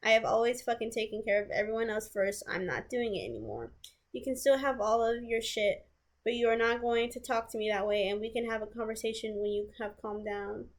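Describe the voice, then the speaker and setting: A woman's voice: fairly high pitch, brisk. A woman telling a personal story in a vlog, blunt, profane and candid. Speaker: vlogger.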